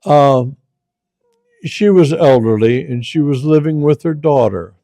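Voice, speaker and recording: A male storyteller who speaks very slowly and deliberately, leaning on repeated phrases for weight. His voice sits a little high for a man yet sounds mellow and dark, and it is recorded dry and close, with no room sound. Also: animated, vocal fry, dry recording. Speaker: storyteller host. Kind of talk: casual spoken storytelling.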